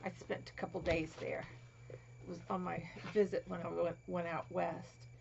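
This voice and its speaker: Woman, gravelly voice, cooing crafting vlogger, dull lo-fi recording with faint hiss. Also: fairly low pitch, little pitch movement, moderate pace. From Florida. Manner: cooing over small toys, drops to whispers. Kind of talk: casual show-and-tell vlog.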